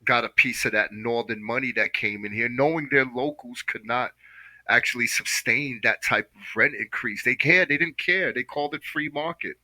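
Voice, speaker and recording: A man gives heated, preachy reaction commentary, dropping "man" into nearly every sentence. His voice is very bright and forceful, in a mid range, and the sound is close and completely dry. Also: medium pitch, moderate pace, dry recording, rough recording. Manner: impassioned, preachy, says "man" constantly. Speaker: reaction video host.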